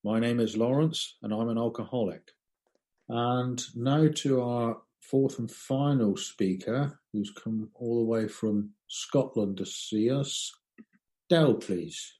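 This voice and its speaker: A man with a dark, warm voice chairs a support group meeting. He welcomes everyone and introduces the next speaker in a brisk, formal way, at an ordinary pitch.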